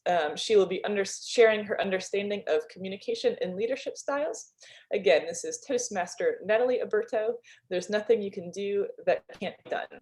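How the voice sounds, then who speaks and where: A woman's voice: mid-range voice, brisk, a little mellow. Woman, meeting host on a video call, friendly and chatty. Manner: chatty, upbeat, with fillers and laughs. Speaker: meeting toastmaster. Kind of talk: presenting at an online club meeting.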